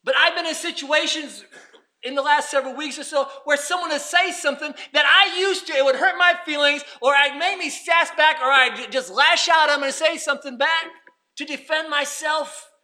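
A man preaching a sermon, dropping to hushed asides and rising to shouted emphasis. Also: extremely high pitch, normal speed.

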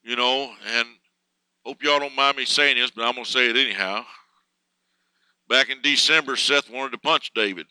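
A man preaching a sermon fervently, swelling louder and slower on key words. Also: mid-range voice, clean tone, no echo, low-quality recording.

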